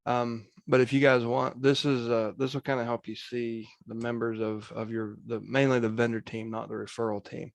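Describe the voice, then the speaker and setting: A man speaking as a guest coach on a video call, in steady, matter-of-fact coaching talk. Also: mid-range voice, normal speed, creaky, few pauses, no echo. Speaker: guest real estate coach.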